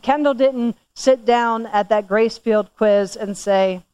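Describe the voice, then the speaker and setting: High-voiced woman preaching with animated stories. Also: a little slow, few pauses, smooth, no room sound. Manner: animated, acts out dialogue, repeats phrases. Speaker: church speaker. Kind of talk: storytelling sermon.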